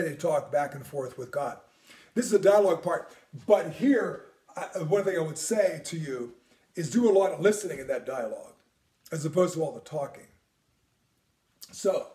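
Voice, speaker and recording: A man's voice: fairly high pitch, darkish tone, roomy sound, far from the mic. A man, a priest, teaching on prayer in an earnest way, repeating words and at times dropping almost to a whisper.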